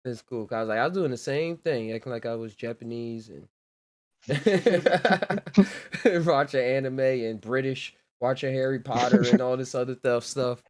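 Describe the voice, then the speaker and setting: A man's voice: mid-range voice, measured pace, darkish tone. Laid-back laughing male podcast host. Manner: loose, laughs often, rambling with fillers. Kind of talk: casual conversation.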